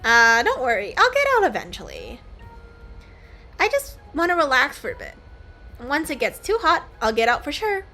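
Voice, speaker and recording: A woman voicing a sleepy, laid-back young frog lounging in a warm pot, reading its lines aloud in a game. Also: high-pitched, huge pitch swings, normal speed, faint music behind, full character voice. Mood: lazy.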